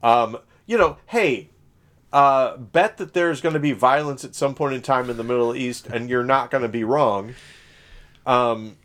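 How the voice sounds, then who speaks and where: A podcast co-host from Southern Illinois rambles through casual chat, full of fillers, restarts, and self-corrections. His mid-range voice is fairly bright, and he talks a little slowly.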